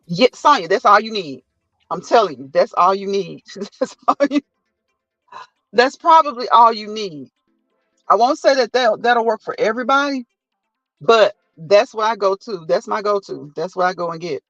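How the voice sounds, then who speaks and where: A man's voice: high voice, moderate pace, no echo, lo-fi sound, soft background music. A man hosting a casual live chat who tells stories animatedly, acts out what people said, and laughs often. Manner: animated storytelling, acting out quotes. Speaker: host.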